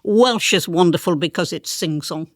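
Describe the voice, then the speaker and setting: A woman's voice: on the low side, moderate pace, no echo, clean studio sound. An older woman with a received pronunciation accent and rolled R's, speaking as an interview guest in a precise, emphatic way. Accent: English received pronunciation with rolled R's. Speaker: interview guest, former politician. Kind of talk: conversational interview.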